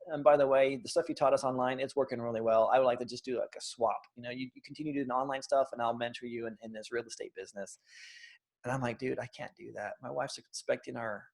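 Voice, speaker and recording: A man in his thirties tells his story as an interview guest, slipping into the voices of the people he quotes. His voice has a gravelly fry at mid pitch, and he often restarts his sentences as he talks. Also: quick pace. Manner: animated storyteller, acts out quotes, frequent restarts.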